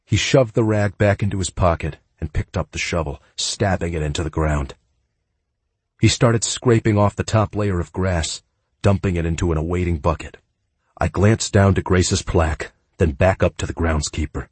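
Man, audiobook narration, earnest and emotive, very low voice, dry close sound. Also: moderate pace, a little mellow, breathy edge, no echo. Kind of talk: first-person audiobook narration.

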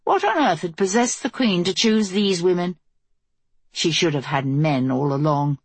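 Husky-voiced woman narrating a story. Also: fairly low pitch, expressive, normal speed, dry recording. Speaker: audiobook narrator. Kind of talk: scripted fantasy narration.

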